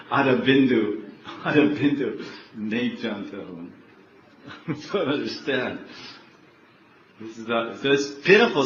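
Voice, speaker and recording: An older man, a spiritual teacher, giving a devotional lecture slowly, repeating words and laughing often. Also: medium pitch, fairly bright tone. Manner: slow, repetitive, laughing often. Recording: echoey, dull, faint background noise.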